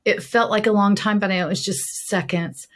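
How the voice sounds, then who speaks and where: A woman's voice: medium pitch, steady tone, moderate pace. A middle-aged woman, a guest in an interview, telling her personal testimony in an earnest, heartfelt way.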